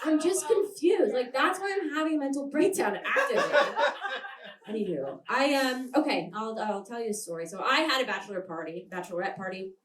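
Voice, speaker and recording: A woman's voice: a little high, expressive, fairly quick, fairly bright tone. Brash woman doing stand-up in a roomy venue. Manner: brash, rambling, self-deprecating, laughs through lines. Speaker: stand-up comedian. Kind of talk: stand-up comedy set. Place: live comedy show in a small venue. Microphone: handheld stage mic. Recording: roomy venue, mic picked up from a distance.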